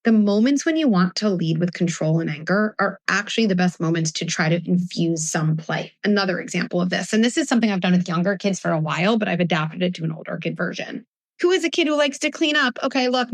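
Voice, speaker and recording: A woman in her forties speaks as a parenting expert before an audience, animated and quick to act out scenes with her kids. Her pitch sits in an ordinary middle range. The sound is dry and close. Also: dry recording. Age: 40s. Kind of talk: live talk before an audience.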